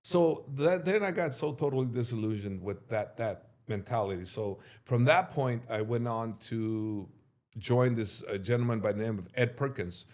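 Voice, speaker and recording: A middle-aged man, a martial arts coach being interviewed, telling stories in a lively way and acting out what others said. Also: medium pitch, normal speed. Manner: animated storyteller who acts out quotes loudly. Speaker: MMA coach, interview guest. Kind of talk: storytelling in an interview.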